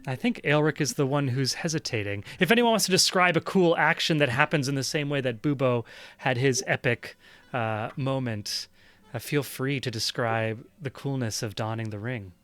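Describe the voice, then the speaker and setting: A man's voice: medium pitch, moderate pace, fairly bright tone. A man running a tabletop game as game master, talking with enthusiasm and encouraging his players.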